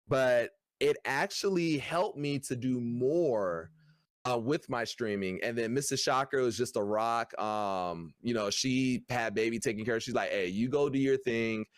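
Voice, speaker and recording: A young man, a streamer, chatting casually and easygoing, with many pauses. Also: medium pitch, no echo, clean studio sound. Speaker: streamer, guest. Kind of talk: casual podcast chat.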